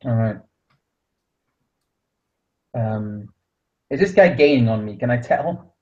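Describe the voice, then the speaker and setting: A man's voice: mid-range voice, lively intonation, slow, darkish tone, dull audio. A man playing a tabletop game, talking in a hesitant, casual way. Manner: hesitant, full of ums and restarts. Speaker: player.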